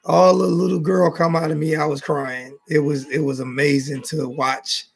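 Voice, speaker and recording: A man's voice: on the high side, little pitch movement, moderate pace, vocal fry, breathy edge. A man hosting a casual fan call-in show in a Southern US accent, loose and repetitive, often restarting his sentences.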